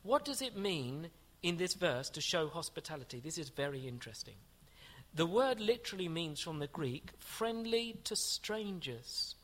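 A man preaching with an earnest, searching tone, his voice sitting a little high for a man. He poses rhetorical questions to the congregation and reads aloud from a commentary. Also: a bit bright. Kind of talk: sermon.

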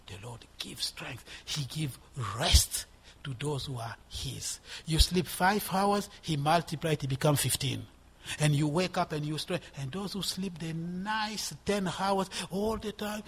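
Husky-voiced older man preaching. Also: on the high side, normal speed. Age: 60s. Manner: emphatic, rising and dropping in volume, repeating for stress. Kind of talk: sermon.

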